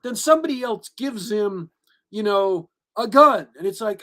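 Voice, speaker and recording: A man's voice: high-pitched, lively intonation, normal speed, bright, forceful tone. A man co-hosting a podcast, reviewing a movie in casual chat. He rambles with many restarts and fillers and gets emphatic when he gives his opinions. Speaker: podcast co-host.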